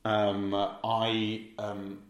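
A man with an East Midlands accent, from Leicester, co-hosting a podcast and telling a long anecdote in a lively, laughing way, with the odd swear. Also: lowish voice, very slow, roomy sound, dull audio. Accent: East Midlands English. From Leicester, England. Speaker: podcast co-host. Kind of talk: casual storytelling chat.

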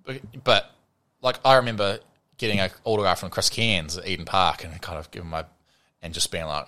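This New Zealand man in his thirties, a cricketer appearing as an interview guest, speaks in a low-pitched, sharp voice with fairly even intonation and a fairly quick pace. His casual chat rambles, packed with fillers like "you know" and "sort of," and he mimics people in his anecdotes.

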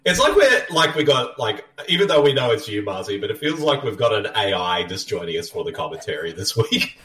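A man with a lowish voice and a lively, swinging pitch hosts a relaxed movie commentary. He chats, laughs easily and fills the gaps with ums. He sounds set back from the mic in a roomy space with faint music behind. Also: brisk, recorded from a distance. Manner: chatty, laughs often, trails off with um and uh. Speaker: podcast host.

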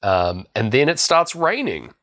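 A man's voice: mid-range voice, very animated, unhurried, fairly bright tone. A man co-hosting a podcast, recapping a film in a rambling, storytelling way and laughing often. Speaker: podcast co-host. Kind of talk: casual film recap chat.

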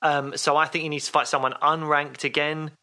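A man's voice: a little high, little pitch movement, fairly quick, sharp tone. A man co-hosting a sports podcast in casual chat, rambling with fillers and restarts. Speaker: podcast co-host.

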